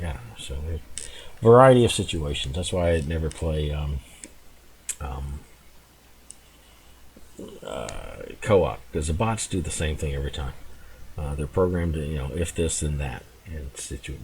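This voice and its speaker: A man giving relaxed, rambling commentary while playing a game, chuckling and restarting his thoughts as he goes. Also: a bass voice, a little hiss or hum. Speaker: gameplay commentator. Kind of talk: casual gameplay commentary.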